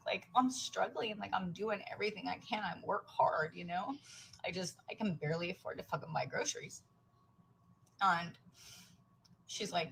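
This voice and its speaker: A woman's voice: mid-range voice, expressive, normal speed, fairly bright tone, a little hiss or hum, poor audio. An American woman, a working mother, venting tearfully to camera in a raw, profane rant that drops into whispers.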